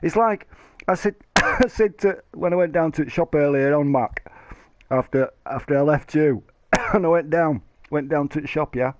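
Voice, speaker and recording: A man's voice: fairly high pitch, normal speed. A man chatting casually to stream viewers, rambling and joking, laughing often. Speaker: live streamer.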